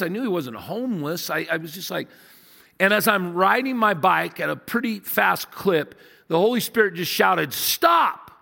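A middle-aged man preaching a sermon as a pastor, earnest, moving from loud to hushed. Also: a little high, creaky. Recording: long hall reverb.

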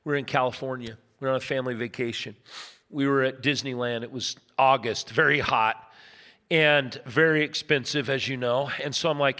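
Brief: animated man in his fifties telling stories from the pulpit, bright voice, long hall reverb. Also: mid-range voice, a little fast. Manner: animated storyteller, acts out voices. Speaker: pastor. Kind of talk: sermon with storytelling.

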